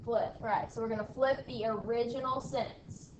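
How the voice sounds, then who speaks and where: A woman's voice: on the high side, fairly even intonation, normal speed. A woman teacher leading a math lesson in a classroom, drilling her students with call-and-response and a frequent "okay?". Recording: echoey room from far off, faint background noise.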